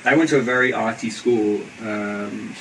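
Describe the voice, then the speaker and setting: A young man from England chats casually and tells a story in a halting way, with plenty of fillers and laughter. His voice sits fairly low. He sounds distant from the mic, with clear background noise. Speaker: guest. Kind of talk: casual chat.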